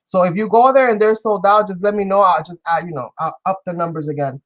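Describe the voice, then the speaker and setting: A New York woman chats casually on her craft livestream, gushing as she greets and thanks viewers by name. Her voice is fairly low and quick, and the recording has its highs cut off.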